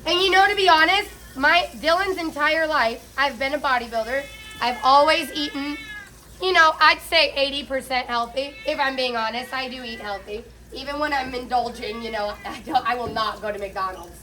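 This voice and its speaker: A woman's voice: high-pitched, normal speed, pushed and bright, slight background noise, poor audio. A middle-aged woman chatting candidly while bathing a cat, swearing freely as she talks. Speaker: pet groomer vlogger.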